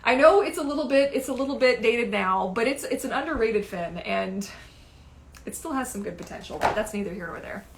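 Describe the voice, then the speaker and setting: A woman in her thirties chatting casually as a mermaid vlogger, animated and gushing, swearing casually now and then. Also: fairly high pitch, brisk, reverberant. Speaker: mermaid vlogger reviewing gear. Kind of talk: casual livestream chat.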